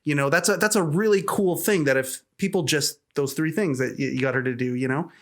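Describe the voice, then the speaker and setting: A man's voice: a little high, a little fast. A man hosting a podcast, asking long, rambling questions with many restarts and affirming his guest. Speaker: podcast host. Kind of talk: casual podcast interview. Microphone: studio mic.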